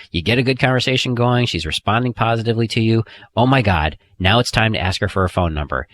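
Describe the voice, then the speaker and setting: Low-ish guy narrating his dating audiobook, upbeat and jokey, keeps saying okay. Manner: energetic and joking, often adds "okay?". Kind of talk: casual spoken dating advice audiobook.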